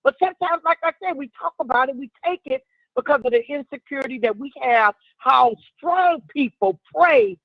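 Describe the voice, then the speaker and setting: Woman, radio caller, dull phone-line sound, dry, measured, reflective. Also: high voice, animated, no room sound. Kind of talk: call-in radio commentary.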